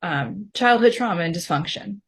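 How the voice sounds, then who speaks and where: A woman's voice: on the low side, expressive, moderate pace, a bit bright, breathy edge. A woman guest on a podcast, candidly telling her personal story and acting out her past self in mocking quoted asides.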